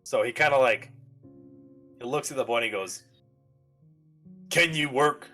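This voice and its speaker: A man narrating a tabletop game as game master in a loose, rambling way, with plenty of fillers. His pitch sits in an ordinary middle range. Faint music plays underneath. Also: a little fast, a bit bright. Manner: casual, rambling, full of fillers.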